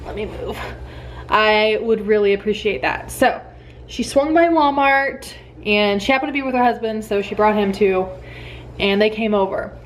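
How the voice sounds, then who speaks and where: Chatty excited young woman, slightly high voice. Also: a little hiss or hum, rough recording. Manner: excited, chatty, lots of "like" and quoted thoughts. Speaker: vlogger. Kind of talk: casual storytelling to camera.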